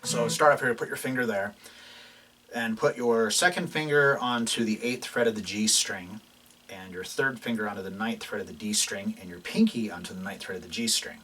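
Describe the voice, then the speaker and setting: At normal speed, a man with a lowish, slightly rough voice teaches guitar casually, heard from a distance and off mic with guitar playing behind. He explains loosely while playing, relaxed, with plenty of fillers and restarts.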